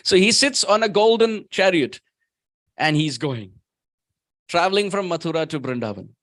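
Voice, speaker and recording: A man preaches at a temple in a high, ringing voice. He tells stories with emphasis and slows right down to chant verses. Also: lively intonation, fairly bright tone. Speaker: guest speaker at temple. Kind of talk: sermon.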